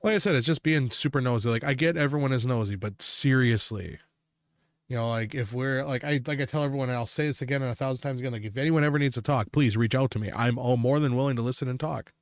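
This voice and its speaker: A man's voice: medium pitch, quick pace, dry recording, studio quality. A young man co-hosting a podcast, in casual chat, joking, laughing often and swearing freely. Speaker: podcast co-host.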